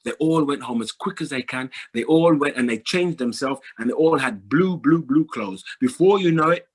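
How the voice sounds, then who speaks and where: A man telling a folk tale aloud to an audience, rhythmic and repetitive with dramatic pauses. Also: medium pitch, husky. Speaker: storyteller.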